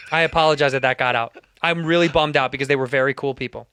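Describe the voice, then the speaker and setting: A man co-hosting a podcast, teasing and needling in casual comedic chat, with loud laughs. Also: medium pitch, steady tone, fast, few pauses, smooth, dry recording. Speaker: podcast co-host.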